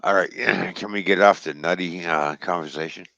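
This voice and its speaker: A man's voice: low-pitched, fairly even intonation, normal speed, gravelly, pushed and bright, dry recording, dull audio. A Canadian man hosting a casual live stream, telling a story and acting out both sides of the conversation. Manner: storytelling with laughs, acts out both sides of a dialogue. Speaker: stream host.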